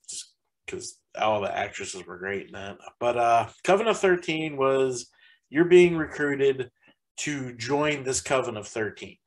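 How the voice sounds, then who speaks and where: A man's voice: mid-range voice, rough recording. A man reviewing a haunted attraction in casual chat, rambling and packing his sentences with fillers. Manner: rambling, heavy use of "like" fillers.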